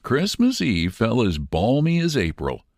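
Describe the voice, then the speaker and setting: A man reading a classic story aloud in measured, expressive narration. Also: medium pitch, no room sound, clean studio sound.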